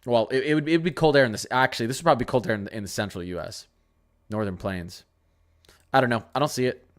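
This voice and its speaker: A man's voice: mid-range voice, quick pace. Rambling young man talking weather. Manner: rambling, repeats phrases, answers viewer questions. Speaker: weather channel host. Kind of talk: casual livestream weather talk.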